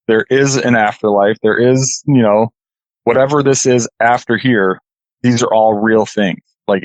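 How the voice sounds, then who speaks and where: A man telling a deeply personal story as a radio interview guest, earnest and halting, holding back tears. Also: no room sound, low-quality recording. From California.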